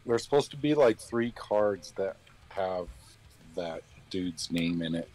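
A man's voice: low-pitched, animated, slow pace, darkish tone. A man casually chatting with a stream host in a laid-back, hesitant way. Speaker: friend watching the stream. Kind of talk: casual chat.

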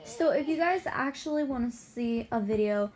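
A woman's voice: sits high, expressive, moderate pace, heavy background noise. A woman co-hosting a gaming video, chatting in a playful, teasing way as she plays. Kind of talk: casual gameplay chat.

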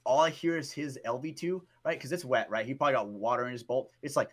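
A man co-hosting a podcast, telling a story in a lively, profane way and often adding "right?" and "bro". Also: medium pitch, quick pace. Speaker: podcast co-host. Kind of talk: casual storytelling chat.

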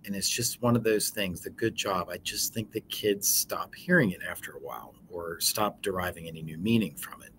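Educator, male: lower-pitched man, casual explanatory teaching manner, lots of ums, faint room noise behind. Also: normal speed, hardly any pauses. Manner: relaxed, explanatory, frequent ums. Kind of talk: informal teaching talk.

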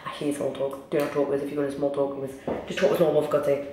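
A woman's voice: low voice, steady tone, racing. A young woman with a Geordie accent from Newcastle chatting candidly in a get-ready-with-me vlog, ranting and swearing freely. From Newcastle, England. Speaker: vlogger. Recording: echoey, distant, noisy.

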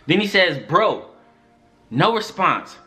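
Young man, story-time vlog, lively swinging pitch, bright tone, faint music behind. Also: slow. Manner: animated, exasperated, profane storytelling. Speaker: YouTuber.

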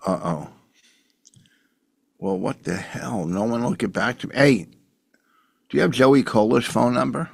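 A man's voice: medium pitch, a little slow, creaky, long pauses, breathy edge. A man in his sixties co-hosting a podcast in casual chat, grumbling and defensive. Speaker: podcast co-host, comedian.

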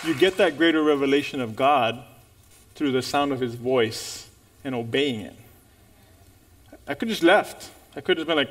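A man preaching a sermon in church, telling a story in an animated way and calling out to the congregation. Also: medium pitch, normal speed.

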